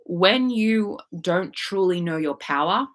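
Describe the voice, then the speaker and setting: Slow but animated, this woman's fairly low voice carries an Australian accent. She's a manifestation coach giving a casual live coaching talk on a livestream, speaking frankly, swearing casually, and reading out viewers' comments.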